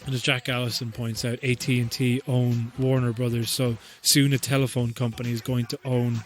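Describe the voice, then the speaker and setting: Brief: guy, mid-pitched, loose, sweary comedic podcast rambler. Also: little pitch movement, normal speed, soft background music. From Ireland. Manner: profane, rambling, joking, laughs often. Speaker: podcast host.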